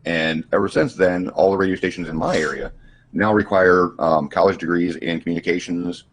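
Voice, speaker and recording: A man on a casual livestream call who talks with a slight stutter and halting restarts. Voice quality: husky, deep, smooth voice. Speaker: guest.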